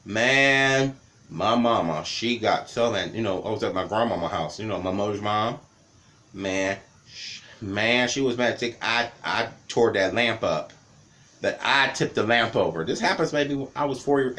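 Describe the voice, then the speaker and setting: A man's voice: fairly low pitch, pushed and bright, a little hiss or hum. A man in his thirties casually telling childhood stories in a rambling, repetitive way with many restarts. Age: 30s. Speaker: vlogger. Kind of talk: casual storytelling.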